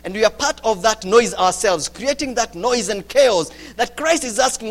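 High-voiced preacher, dynamic. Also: male voice, lively intonation, normal speed, hardly any pauses. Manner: dynamic, swings from loud urgency to hushed quiet. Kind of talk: sermon.

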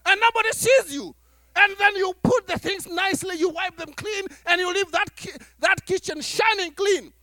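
A man preaching a sermon as pastor to his church, animated, acting out little dialogues and laughing as he talks. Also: very high-pitched, moderate pace, dry recording, clean studio sound.

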